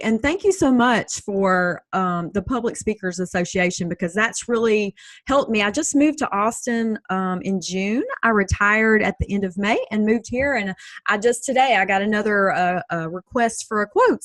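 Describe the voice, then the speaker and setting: An upbeat middle-aged woman with a Southern US drawl talks as a guest, chatty and quick to laugh. Her voice sits a little high and sounds close and dry, with no room around it. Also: a bit bright, no room sound. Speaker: guest, business coach and speaker. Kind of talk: casual interview chat.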